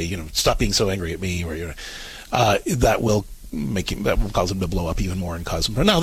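Husky-voiced man coaching a caller. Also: on the low side, fairly bright tone. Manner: direct, explanatory coaching with repeated instructions. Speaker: radio advice show host. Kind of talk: call-in advice talk.

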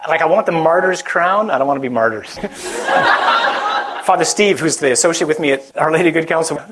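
A priest preaching a conversational sermon to a live audience, joking and putting questions to the listeners. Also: male voice, fairly high pitch, wildly swooping pitch, moderate pace, heavy background noise.

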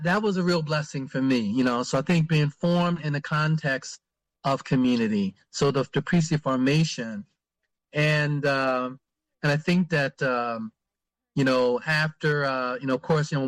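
A priest answers interview questions haltingly, using lots of fillers and starting over often. His voice is fairly high-pitched, and the recording is dry.

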